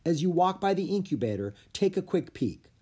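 A reader voicing a brisk, instructive woman who leads visitors around a research center, in a children's audiobook. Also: medium pitch, big pitch swings, warm tone, slightly rough, voice pushed up. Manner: instructive, guide-like. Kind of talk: audiobook character voice.

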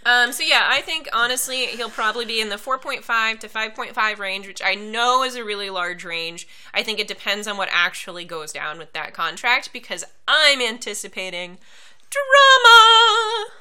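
A young woman co-hosting a relaxed chat, her voice very bright and crisp. She talks in quick bursts, with easy asides and frequent laughter. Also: medium pitch. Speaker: podcast co-host. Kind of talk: casual chat.

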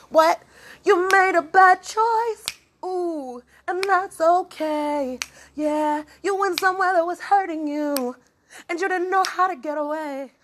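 A woman with a very high voice improvises a half-sung monologue in a slow, drawn-out rhythm. She keeps answering herself with "what?" and "yeah". Her delivery swings from soft murmurs to loud sung bursts, with a faint hiss behind her.

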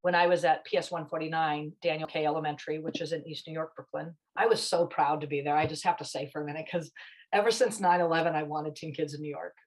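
A woman's voice: low-pitched, poor audio. A woman guest in a conversation, telling a story in a passionate, emphatic, chatty way.

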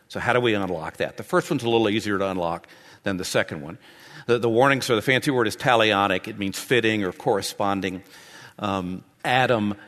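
A lower-pitched man preaches in a church with a long, ringing reverb around his voice. He speaks as the pastor in a loose, conversational way, often repeating himself and restarting phrases as he teaches. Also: fairly bright tone. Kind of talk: sermon. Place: church sanctuary.

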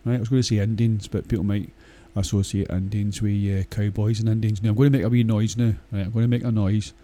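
A man's voice: on the low side, flat delivery, fast, mellow. A Scottish man talking in a casual, rambling monologue, blunt and crude, swearing often and hesitating with many fillers.

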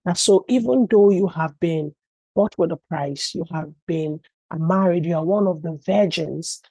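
Woman pastor, husky, dry sound, chatty storytelling sermon full of asides. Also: lowish voice, measured pace, warm tone, no room sound, poor audio. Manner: storytelling, many "you know" asides. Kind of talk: conversational preaching.

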